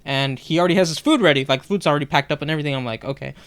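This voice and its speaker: Young male podcast co-host, animated storyteller, clean resonant voice. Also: a little high, rapid-fire, clean tone. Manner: animated, acts out customers' lines in retelling. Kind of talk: casual storytelling chat.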